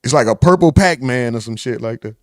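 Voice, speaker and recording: A man's voice: mid-range voice, expressive, a little fast, dry recording, studio quality. A man hosting a casual livestream, reading chat messages aloud and bantering in loose, profane talk.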